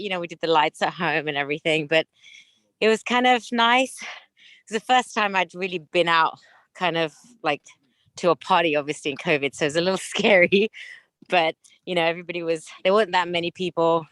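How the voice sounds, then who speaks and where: A woman's voice: fairly low pitch, moderate pace, a bit bright, clear, resonant tone, no room sound. A woman chatting as a guest on a video call, out of breath as she walks uphill outdoors, talking in a chatty, rambling way. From California. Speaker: guest dentist and coach. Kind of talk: casual chat. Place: outdoors on a hill. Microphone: phone at arm's length on video call.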